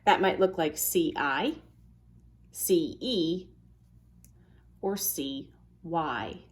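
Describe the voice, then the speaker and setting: A woman teaches phonics to young students, carefully sounding out each letter and word. She speaks in a low voice at a very slow, deliberate pace. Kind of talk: phonics lesson for children.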